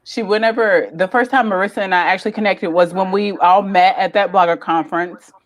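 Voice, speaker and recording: A woman guest in a casual interview, chatting in an animated way and laughing often as she tells stories. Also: mid-range voice, fairly quick. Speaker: guest, lifestyle content creator.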